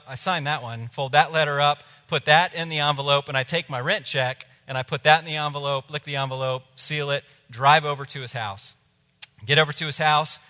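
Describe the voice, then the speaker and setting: A man, a pastor, telling a personal story in a sermon, animated and dropping to a hush at tense moments. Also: mid-range voice, long reverb tail.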